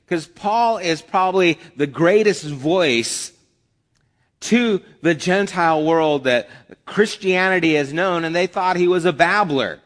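A male pastor delivers a sermon in a chatty, conversational style, acting out quoted asides. His voice is high, a bit bright and a little slow. The echoing church hall gives the recording a long reverb.

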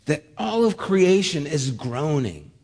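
A man preaching a sermon, telling a lively personal story with humor, then dropping soft and low for solemn points. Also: slow, slightly rough, long reverb tail. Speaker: pastor.

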